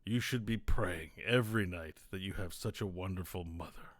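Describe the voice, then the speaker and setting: A man's voice: low voice, normal speed, dry recording, clean studio sound. A man voicing a stern, blunt one-legged older father who runs the family business. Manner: blunt, scolding, threatening.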